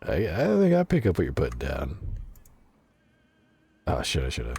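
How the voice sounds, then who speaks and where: A man's voice: very deep voice, wildly swooping pitch, moderate pace, creaky, pauses often, mellow, slight background noise. A young man streaming a game, telling stories casually, swearing a lot and laughing often. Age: young adult. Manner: profane, laughing storyteller. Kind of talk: casual gaming stream chat.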